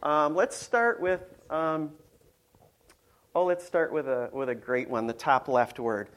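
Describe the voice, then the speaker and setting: A man's voice: a little high, slow, fairly bright tone. A man preaching a casual, conversational sermon, playful and full of ums and restarts. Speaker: pastor.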